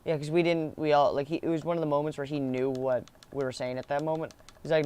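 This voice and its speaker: A man's voice: a little high, level tone, fast, few pauses, darkish tone, clean tone. A young man telling a school story in a rambling, casual way, laughing and swearing as he goes.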